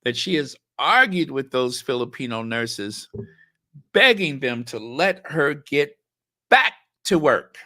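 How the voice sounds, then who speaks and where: Sarcastic guy doing gossip commentary, drawls it out slow, reads headlines and comments, dry sound. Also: medium pitch, bright, forceful tone, dry recording. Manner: drawn-out sardonic emphasis, reads headlines and viewer comments aloud. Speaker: commentary channel host.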